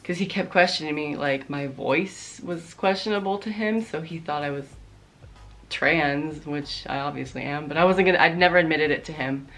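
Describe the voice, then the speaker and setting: A woman's voice: deep voice, moderate pace, soft background music. A young adult woman vlogger telling a story in a casual, profane, sarcastic way. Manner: profane, sarcastic, animated retelling.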